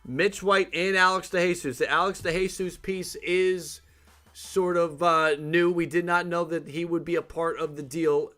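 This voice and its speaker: A man hosting a live sports reaction stream, thinking aloud and getting excited as he reads out breaking news updates. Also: on the high side, normal speed, faint music behind.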